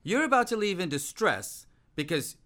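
Man playing a voluble, excitable man-about-town. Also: high-pitched, moderate pace, exaggerated voice. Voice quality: voluble and excitable, with frequent restarts. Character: restless, voluble man-about-town, nervous and self-mocking. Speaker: actor in a play. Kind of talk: theatrical stage-play acting.

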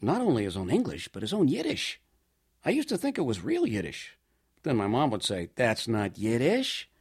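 A man performing a comic storytelling monologue in an animated, wry, mock-grand way. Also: mid-range voice, brisk, husky.

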